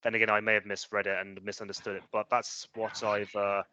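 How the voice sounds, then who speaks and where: Opinionated British man with a bright voice. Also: lowish voice, little pitch movement, slight background noise. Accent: British English. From Britain. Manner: opinionated, quick to rant, British slang. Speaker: podcast co-host. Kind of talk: casual chat.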